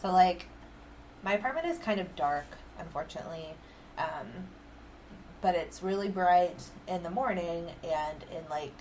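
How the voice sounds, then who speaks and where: A woman co-hosting a casual chat podcast from her apartment, telling stories in an animated way, acting out quotes and laughing often. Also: fairly low pitch, measured pace, a little hiss or hum, low-quality recording. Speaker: podcast co-host.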